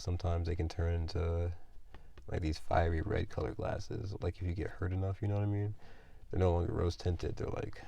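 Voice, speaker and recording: Low gravelly man rambling through a tarot reading. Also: dark tone, lo-fi sound. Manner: rambling, thinks aloud with many fillers. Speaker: tarot reader.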